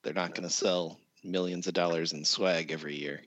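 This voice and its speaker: A man's voice: deep voice, steady tone, brisk, fairly bright tone, no room sound, highs cut off. A man co-hosting a casual podcast, joking dryly and asking questions. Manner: dry joking, asks questions. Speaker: podcast co-host. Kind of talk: casual chat.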